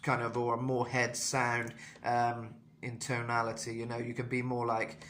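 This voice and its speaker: A man's voice: medium pitch, completely flat delivery, moderate pace, a bit bright, slight background noise. A young man giving a casual vocal lesson, talking loosely with self-mocking asides between demonstrations. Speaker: vocal coach.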